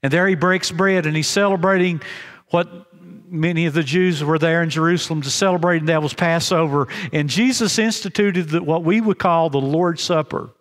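Here a male pastor gives a sermon in a rather high voice, sincere yet hesitant. He frequently starts phrases over and slows to emphasize key lines, and a chapel's long reverb hangs on every word.

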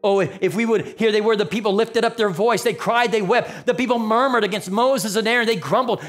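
A man's voice: high voice, fairly quick, hardly any pauses, fairly bright tone. A man preaching a sermon as pastor, with a repetitive, building cadence that rises into dramatic quoted lines. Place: church sanctuary.

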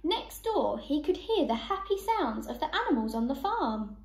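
A woman teacher reading a picture book aloud to young children, slow and expressive. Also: high voice, reverberant.

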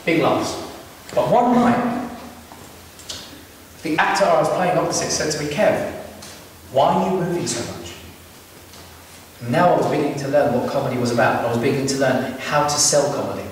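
A man's voice: fairly high pitch, fairly quick, slight background noise. Chatty man telling stories in a hall. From Britain. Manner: chatty, asks the audience questions. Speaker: entertainer speaking to young people. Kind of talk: storytelling talk to a live audience. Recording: echoey hall from far off.

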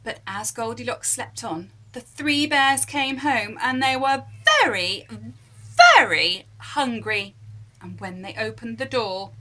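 A woman reading a children's story aloud, expressive and dropping at times to a whisper. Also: mid-range voice, a little slow, low-quality recording.

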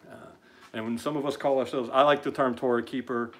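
A man hosting his own online show, speaking off the cuff in a casual live-stream style. He is blunt and combative, fills pauses with "uh" and stammers through frequent restarts. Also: mid-range voice, fairly even intonation.

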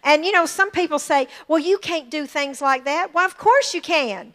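A middle-aged woman pastor, preaching a lively sermon and calling for amens from the congregation. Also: high-pitched, moderate pace. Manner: excitable, lively preaching with call-and-response.

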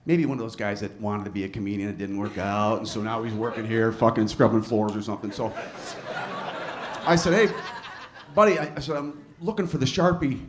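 A man's voice: on the low side, brisk, a little hiss or hum. A man doing a stand-up comedy set in a club, telling a profane story and acting out both sides. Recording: live club recording with audience laughter.

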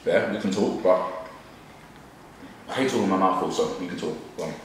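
Young man, laid-back and teasing, low voice, in a very echoey room with dishes clinking. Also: fairly quick, distant mic. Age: young adult. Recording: very echoey room, faint noise.

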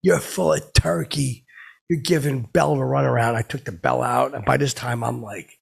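Speaking in a mid-range, slightly rough voice with vocal fry and fairly even intonation, a podcast host riffs as a boastful, clueless middle-aged man. He keeps calling himself by name in the third person. The improvised comedy monologue rambles and stalls, heavy on fillers and "blah, blah."

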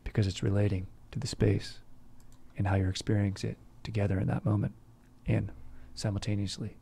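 A man's voice: lowish voice, little pitch movement, fairly quick, gravelly, dark tone, breathy edge. A young man hosting a comedy podcast, chatting casually in bro slang and saying "dude" all the time. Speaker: podcast host.

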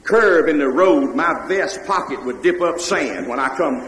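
A man with a Mississippi Southern accent telling comic stories on a live stage, loud and animated, yelling for effect. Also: fairly high pitch, measured pace. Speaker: comedian storyteller. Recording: echoey hall, faint noise.

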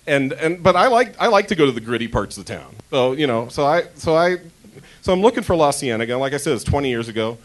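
Man, stand-up comedian, chatty, crude, handheld mic, club stage, mid-pitched voice. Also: animated, quick pace. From Denver. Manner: chatty, self-interrupting, crude punchlines.

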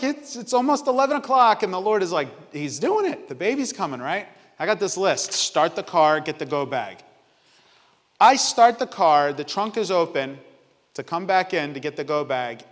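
A man preaching a sermon, telling a personal story in an animated way and acting out the people in it. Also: on the high side, normal speed, long reverb tail. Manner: animated storytelling, voices quoted people, exclaims. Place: church sanctuary.

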